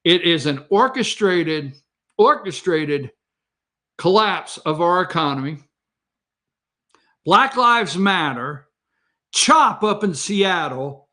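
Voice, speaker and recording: A man hosts a morning show and delivers heated political opinions in a rambling way, talking straight to his viewers. His voice sits high and jumps all over the place. It has a restless, worked-up energy. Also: very animated, unhurried, long pauses, pushed and bright.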